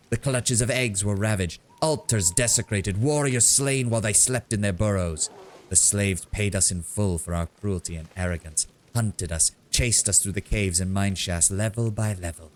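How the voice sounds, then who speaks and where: A man voicing a shrewd, worldly male kobold bard in a video game, speaking in a measured storytelling way. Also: lowish voice, natural voice. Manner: measured storytelling, grows sonorous and dramatic. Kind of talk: reading game dialogue aloud.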